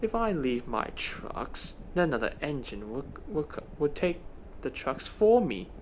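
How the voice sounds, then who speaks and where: A man's voice: a little high, slow pace, fairly bright tone, a little hiss or hum. A man voicing a lazy, scheming male diesel engine in a fan story, talking in a whiny, sluggish way.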